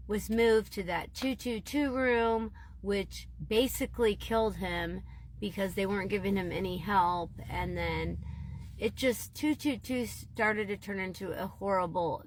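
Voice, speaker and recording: A woman casually telling an emotional, rambling story to her viewers, often saying "you guys". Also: mid-range voice. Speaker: TikTok storyteller. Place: Southwest Florida.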